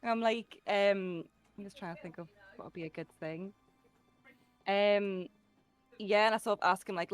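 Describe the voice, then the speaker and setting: A woman's voice: mid-range voice, fairly even intonation, a little fast, no room sound. A woman playing in a tabletop game, casual and chatty, peppering her speech with fillers, over background music. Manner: casual, chatty, says "like" a lot. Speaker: player.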